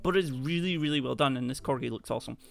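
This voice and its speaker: A man playing a dating game, reading its text aloud and reacting with animated surprise as he goes. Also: mid-range voice, quick pace, gravelly. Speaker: gaming channel host. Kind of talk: let's play commentary.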